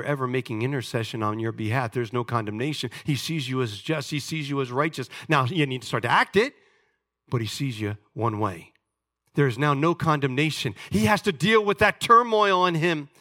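A man's voice: medium pitch, sharp tone. A male pastor delivering an emphatic sermon, calling on the congregation to respond.

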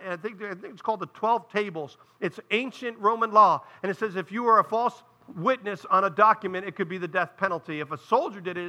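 A man's voice: sits high, sharp tone. A male pastor preaching a sermon to his church, explaining earnestly and turning often to the congregation with asides.

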